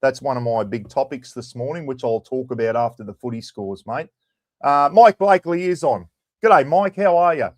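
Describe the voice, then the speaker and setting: A man's voice: medium pitch, lively intonation, moderate pace, a little mellow, no echo. Chatty Australian man hosting a livestream. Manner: chatty, greets viewers by name, casual swearing. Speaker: livestream host. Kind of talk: casual livestream chat.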